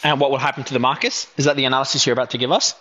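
A man hosting a live online audio show, cutting in quickly to pin down what the guest is about to say. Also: mid-range voice, little pitch movement, pushed and bright, muffled recording. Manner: quick, cuts in to pin down the question. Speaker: host.

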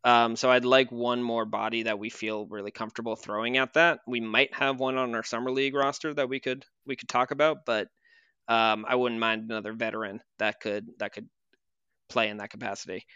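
A man's voice: medium pitch, little pitch movement, fairly quick, pushed and bright, smooth, no echo, lo-fi sound. A man co-hosting a casual basketball podcast, talking loosely with fillers and restarts. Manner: conversational with frequent fillers and restarts. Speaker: podcast co-host.

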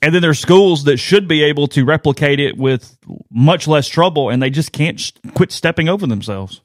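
A man co-hosting a sports podcast in casual talk, with quick blunt remarks and short asides of agreement. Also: on the high side, animated, dry recording, studio quality. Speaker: podcast co-host.

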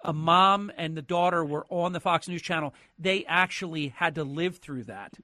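A man's voice: on the high side, moderate pace, bright, forceful tone, no echo, clean studio sound. A man hosting a call-in radio talk show, speaking emphatically and repeating words when he gets worked up. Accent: New Jersey. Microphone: studio microphone.

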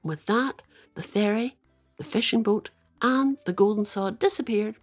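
Husky Northern Irish storyteller woman. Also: mid-range voice, moderate pace, soft background music. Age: older. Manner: lively, dramatic, playful asides. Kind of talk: storytelling to children.

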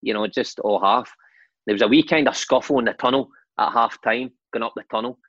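Scottish man, forties, husky, dry close sound, slightly muffled lo-fi podcast audio, animated storyteller. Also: medium pitch, a little fast, no echo. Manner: animated anecdotes, laughing and swearing. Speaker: guest, former footballer and manager. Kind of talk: casual storytelling chat.

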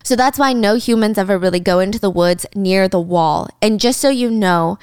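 A woman's voice: medium pitch, normal speed, smooth, no echo, clean studio sound. A young woman in casual chat, animatedly retelling a book's plot and slipping into quoted lines. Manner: animated storyteller, slips into character quotes. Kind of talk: casual book recap chat.

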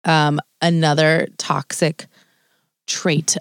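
Young woman, low pitch, dry recording, casual animated chat. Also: extremely slow, clear, resonant tone, no room sound. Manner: chatty, animated, swears casually. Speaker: podcast co-host.

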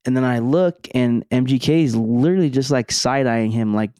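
A man's voice: mid-range voice, moderate pace, warm tone, clear, resonant tone, no room sound, clean studio sound. A young man co-hosting a podcast, telling stories in a laid-back way full of slang. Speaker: podcast co-host. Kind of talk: casual chat.

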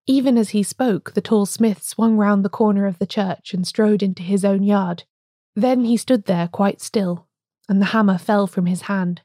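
A woman reading a classic detective story aloud in a steady, measured storytelling voice. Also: medium pitch, dry recording, clean studio sound. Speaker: podcast host reading a story.

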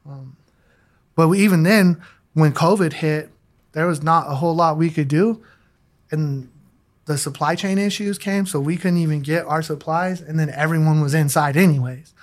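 A man's voice: fairly high pitch, moderate pace. A man from Denver, a guest on an interview show, telling his recovery story in a candid, slangy way. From Denver, USA. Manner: slangy and candid, acts out quoted voices.

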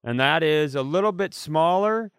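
A man's voice: on the high side, animated, moderate pace, fairly bright tone, clear, resonant tone, dry recording, clean studio sound. A man co-hosting a comedy podcast in casual chat, with faint traces of a Southern US accent. He rambles, loses his words and mocks himself. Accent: faint Southern US, mostly trained out. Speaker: podcast co-host.

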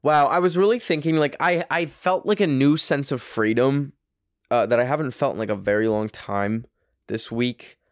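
A young man from Canada chats through his podcast in a rambling, profane way, piling up "like" and "um". His voice sounds smooth and clear, and the recording is dry, with no room echo. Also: medium pitch, normal speed. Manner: rambling, profane, heavy on fillers. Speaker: podcast host. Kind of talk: casual monologue. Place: small apartment bedroom.

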